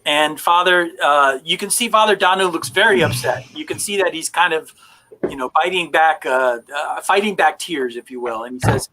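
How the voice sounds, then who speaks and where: Bright-voiced male game master. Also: a little high, moderate pace, rough recording. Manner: descriptive, with many fillers. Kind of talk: narrating a tabletop game.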